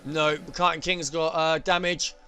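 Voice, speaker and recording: A man commentating on an online sim race, getting excited at crashes and overtakes. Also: on the high side, unhurried. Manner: excitable, rising sharply at incidents.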